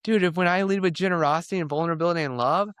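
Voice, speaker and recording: A man's voice: high-pitched, rapid-fire, smooth, dry recording, clean studio sound. A man guest on a podcast, talking candidly and intensely, acting out what he said to others as he tells his story. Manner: intense, animated storytelling, quoting himself.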